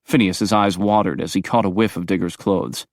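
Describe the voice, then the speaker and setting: A man reading audiobook narration in a brisk, expressive storytelling manner. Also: deep voice, dry recording, clean studio sound.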